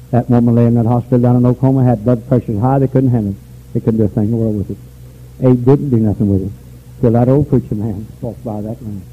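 An older man preaching a revival sermon, swinging from fervent shouts down to low, quiet pleading. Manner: fervent, rising to shouts then dropping low. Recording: tinny phone-like old recording with faint noise.

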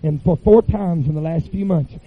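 A man preaching a revival sermon in a church, chanting phrases with "uh" fillers and rising to shouts. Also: on the high side, normal speed, breathy edge, narrow, tinny audio.

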